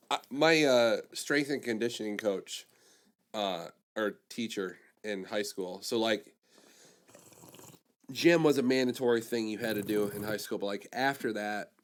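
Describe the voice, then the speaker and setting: A man's voice: lowish voice, a little slow. A man co-hosting a podcast, chatting casually and throwing in dry quips. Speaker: podcast co-host. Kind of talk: casual chat.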